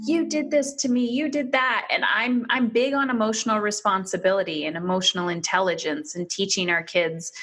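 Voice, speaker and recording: A woman's voice: mid-range voice, a bit bright. A woman in her thirties, a parenting coach guest on a podcast, talking earnestly and with emphasis in a casual interview.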